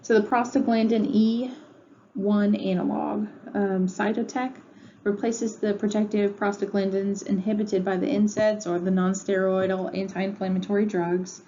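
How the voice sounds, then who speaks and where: A woman's voice: mid-range voice, little pitch movement, a little slow, dark tone. A woman teaching a pharmacy lecture from home, talking conversationally with many ums and uhs. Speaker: pharmacy instructor. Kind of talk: recorded lecture. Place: home room. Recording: dull lo-fi audio with faint noise.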